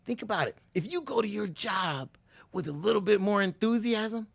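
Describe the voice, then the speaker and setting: A man hosting a motivational talk, energetic and preachy, who keeps addressing listeners as ladies and gentlemen. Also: high-pitched, normal speed, creaky, dry recording. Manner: energetic, preachy, slips into mock voices. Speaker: motivational show host.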